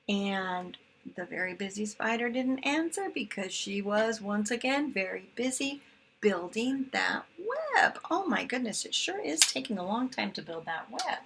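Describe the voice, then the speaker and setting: A woman's voice: mid-range voice, sing-song, measured pace, fairly bright tone, slight background noise. A woman teaching kindergarten, chatting simply to small children as she retells a picture book with paper puppets. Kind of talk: storybook retelling lesson for young children.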